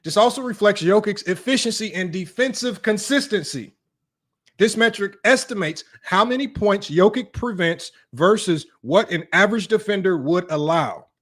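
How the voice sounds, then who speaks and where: On his sports debate show, this host reads out stats and taunts his critics with combative mockery, ranting straight to viewers. His voice is high and fairly bright, with lively intonation and a moderate pace.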